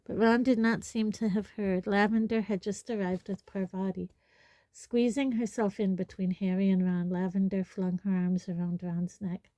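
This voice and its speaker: Mellow woman reading a storybook. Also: medium pitch, little pitch movement, moderate pace, dry recording, studio quality. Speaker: audiobook reader. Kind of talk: storybook narration.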